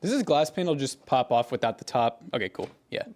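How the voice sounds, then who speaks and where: A man's voice: medium pitch, a little fast. A young man hosting a livestream, chatting casually with viewers and a co-host while building a computer. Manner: relaxed, rambling, answers chat while working.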